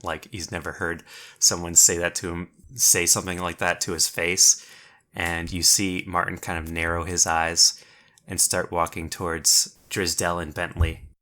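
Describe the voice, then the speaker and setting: Slow, low-voiced man narrating as game master. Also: bright, forceful tone. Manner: slow, measured storytelling with in-character quotes.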